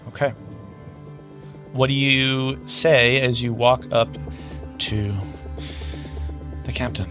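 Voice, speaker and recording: Chatty male game master, mid pitch, faint music bed. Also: steady tone, slow, a bit bright. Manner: chatty, filler-heavy, laughing. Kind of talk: narrating a tabletop game.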